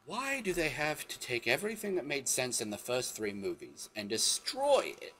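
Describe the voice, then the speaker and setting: Animated, bright-voiced man rambling. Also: medium pitch, normal speed. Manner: rambling, self-correcting, exclaiming. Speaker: vlog host. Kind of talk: casual storytelling monologue.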